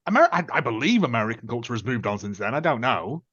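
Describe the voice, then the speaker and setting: Man, sarcastic podcast host, animated storytelling, dry dull recording. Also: mid-range voice, quick pace, slightly rough, no echo. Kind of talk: casual film review chat.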